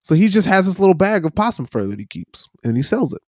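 A man co-hosting a casual talk show, telling stories in a lively way, acting out the voices he quotes and checking in with "right?". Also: high-pitched, fast, no room sound, studio quality. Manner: animated storyteller, acts out quoted voices, many "right?" tags. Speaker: podcast co-host. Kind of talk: casual chat, storytelling. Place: lives in New Zealand.

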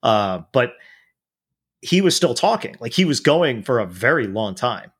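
A man's voice: mid-range voice, very animated, measured pace, slightly rough. A man talking politics in a casual chat, blunt and profane, rambling with restarts.

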